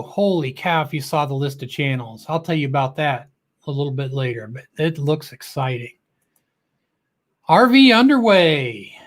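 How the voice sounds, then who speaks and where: A middle-aged man hosting a casual livestream, chatty and goofy, greeting viewers by name with a lift in his voice. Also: fairly high pitch. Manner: joking and goofy. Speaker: livestream host.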